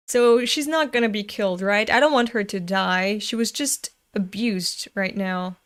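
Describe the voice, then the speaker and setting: A woman from Europe giving casual, excitable reaction commentary while reading a manga, swearing and exclaiming. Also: medium pitch, measured pace, hardly any pauses.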